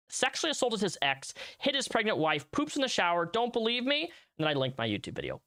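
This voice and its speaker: A man's voice: fairly high pitch, sharp tone. A man hosting a livestream, talking casually and rambling, often restarting his sentences. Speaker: livestream host.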